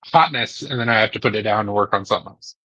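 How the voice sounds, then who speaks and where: A man's voice: fairly low pitch, quick pace, sharp tone, no echo, rough recording. A man making knives in a garage workshop, chatting casually with his co-host while he works. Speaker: knifemaker streamer. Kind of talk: casual chat while working.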